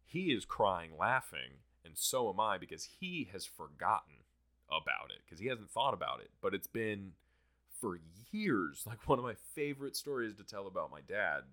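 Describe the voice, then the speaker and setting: A young man hosting a podcast, telling a story in a casual, profane, animated way. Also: fairly low pitch, moderate pace. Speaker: podcast host.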